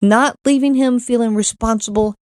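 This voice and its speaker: A woman's voice: fairly high pitch, steady tone, moderate pace, a little mellow, dry recording, studio quality. A middle-aged woman hosting a podcast, telling a personal story in an earnest way, often repeating words and acting out what others said. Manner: earnest, repeats words, acts out quoted lines. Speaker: podcast host.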